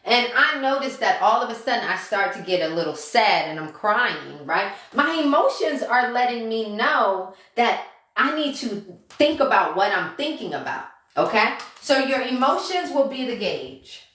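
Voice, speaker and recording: A woman with a raised, bright, forceful voice teaches mindset steps to her followers. She repeats every key point and tags nearly each line with "okay?" or "right?", sometimes acting out her inner thoughts. The sound is roomy, recorded in an echoey room at home. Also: on the high side, very animated, moderate pace. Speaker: mindset coach. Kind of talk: casual self-help lesson to followers.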